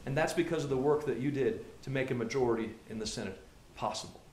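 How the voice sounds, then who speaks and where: A man's voice: medium pitch, fast talker, a little mellow. Man giving a speech in an echoey room. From Colorado. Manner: storytelling with frequent restarts and repeated words. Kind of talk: political stump speech with anecdotes. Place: small gathering in a room. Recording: very echoey room with faint ambient noise.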